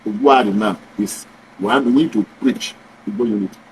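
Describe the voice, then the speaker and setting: A man's voice: on the low side, moderate pace, slight background noise, low-quality recording. A man with a Nigerian accent, talking straight to camera, mixing Pidgin and English and preaching with rhetorical questions. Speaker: vlogger. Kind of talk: direct-to-camera opinion talk.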